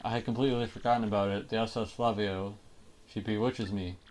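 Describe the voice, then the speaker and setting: A man's voice: on the low side, steady tone, fairly quick, darkish tone, a little hiss or hum, close to an everyday voice. A man voicing a pompous, vain male ship-owner in a video game, declaiming grandly and theatrically. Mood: commanding.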